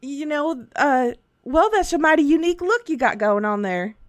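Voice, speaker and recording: A woman's voice: sits high, lively intonation, normal speed, no echo, pitched above the performer's own voice. A woman voicing a shady, folksy male tinkerer with a put-on Southern drawl, hesitant and chatty, for a tabletop game. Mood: curious. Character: shady folksy male handyman tinkerer, friendly but cagey.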